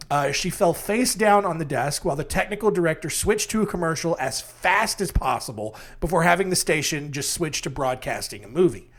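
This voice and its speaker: A man hosting a podcast, telling a true story casually with many fillers and wry asides. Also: on the high side. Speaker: podcast host.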